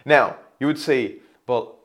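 A man teaching how to place the voice for sales, explaining with a pen example in an animated way. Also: mid-range voice, takes it slowly. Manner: animated, demonstrates loud and whispered voices. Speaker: voice and sales coach. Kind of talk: teaching monologue.

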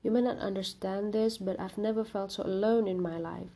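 A woman's voice: medium pitch, steady tone, a little fast, dark tone, close to an everyday voice. A woman voicing an earnest young male student pleading with his girlfriend, read in a storybook reading. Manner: pleading, insistent.

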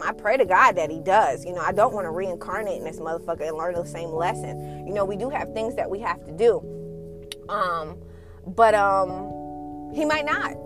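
A woman hosting a casual spiritual podcast, talking in a blunt, sassy and profane way and laughing often. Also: mid-range voice. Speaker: podcast host and twin flame coach.

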